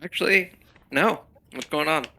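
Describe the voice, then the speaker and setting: Man player, gravelly with a very bright edge, laid-back joking. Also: on the high side, normal speed, slight background noise, rough recording. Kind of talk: casual game chat.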